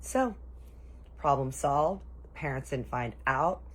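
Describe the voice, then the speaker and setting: Husky low-voiced woman telling a story. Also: slow. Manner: lively, chatty, acts out what others said; says y'all and girl often. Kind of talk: casual storytime.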